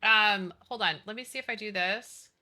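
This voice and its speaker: A woman's voice: mid-range voice, moderate pace, sharp tone. A young woman streaming live, chatting casually, swearing freely and apologizing as she fiddles with her settings.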